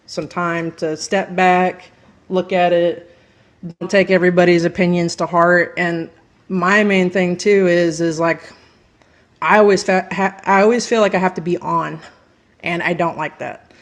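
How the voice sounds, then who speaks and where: A woman's voice: fairly low pitch, fairly even intonation, unhurried. A woman, a metal singer and podcast guest, talking candidly and casually, swearing freely. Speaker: metal band vocalist, guest. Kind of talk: casual interview chat.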